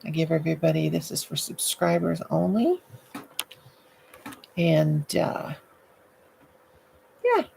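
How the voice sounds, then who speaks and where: A woman's voice: sits low, sing-song, slow, vocal fry, pauses often, dark tone, slight background noise, rough recording. An older woman hosting a late-night live stream from home, chatty and goofy, greeting viewers by name into her laptop. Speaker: livestream host. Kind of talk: casual live chat with viewers.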